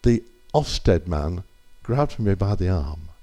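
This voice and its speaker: An older man shares testimony at a church gathering. His voice is lively and rises and falls a lot as he rambles through anecdotes. He often stops to correct himself. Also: deep voice, slow pace.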